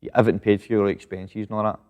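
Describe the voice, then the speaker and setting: A man's voice: on the low side, flat delivery, very fast, darkish tone, highs cut off. A Scottish man in his thirties, a boxer chatting casually in an interview, swearing freely and tagging lines with "mate". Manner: swears freely, fills with "mate" and "know what I mean". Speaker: professional boxer, guest. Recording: long reverb.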